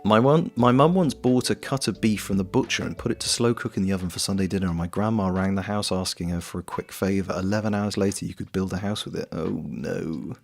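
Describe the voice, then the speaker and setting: Knitting on a stream to faint lo-fi music, a young Welsh streamer and voice actor talks a little fast with few pauses in a low, gravelly voice. His Welsh-accented chat is casual, rambling, and jokey, with plenty of free swearing.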